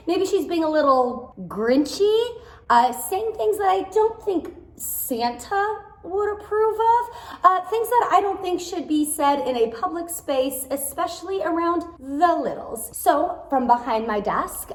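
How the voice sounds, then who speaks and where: A woman in her thirties, a playroom business owner, telling a storytime vlog at her desk in a chatty, expressive way. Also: high voice. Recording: echoey indoor room.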